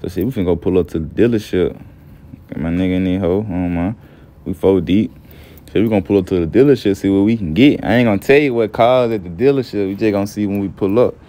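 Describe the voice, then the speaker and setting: A man's voice: sits low, quick pace, warm tone. A young man casually narrating a game story in heavy slang, laid-back and profane, often asking "you feel me". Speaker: gameplay storyteller.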